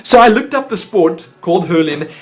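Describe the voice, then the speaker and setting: A man opens fan mail on his vlog, chatting casually to the camera and joking at his own expense as he trips over foreign words. His voice is high and animated, at a normal speed.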